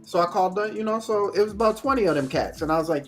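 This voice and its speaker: A podcast co-host on a casual show tells a long gaming story, his voice high and racing over soft background music. He's an animated storyteller who acts out the characters he quotes and laughs a lot.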